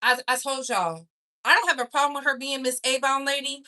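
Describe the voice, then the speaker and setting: Sassy, bright-voiced woman gossip host. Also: high-pitched, fairly quick. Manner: sassy, animated, talks straight to viewers. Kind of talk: casual gossip commentary to a live chat.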